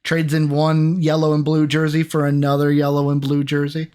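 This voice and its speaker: A man's voice: on the high side, completely flat delivery, moderate pace, a little mellow, smooth. A man hosting a casual sports talk show, upbeat and jokey as he moderates. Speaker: host.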